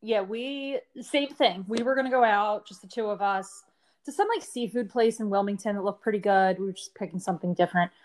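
A woman's voice: medium pitch, a little fast. Chatty woman telling a rambling story. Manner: rambling storyteller, many "like" fillers. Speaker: podcast co-host. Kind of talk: casual chat.

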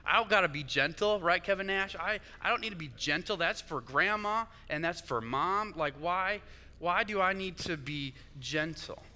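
A man's voice: high voice, animated, normal speed, pushed and bright, long reverb tail. A young man preaching a sermon, conversational and chatty, often asking his listeners "right?". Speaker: pastor.

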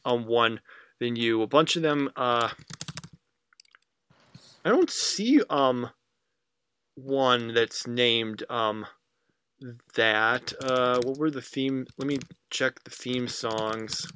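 Bright-voiced young man chatting casually. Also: mid-range voice, slow, pauses often, slight background noise. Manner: rambling, filler-heavy recaps. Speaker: podcast co-host. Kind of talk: casual anime review chat.

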